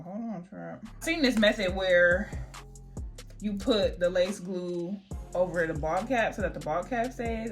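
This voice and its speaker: A young adult woman vlogging while doing her hair at home, telling a story in a chatty, slangy, exasperated way. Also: lowish voice. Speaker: beauty vlogger. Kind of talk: get-ready-with-me storytime.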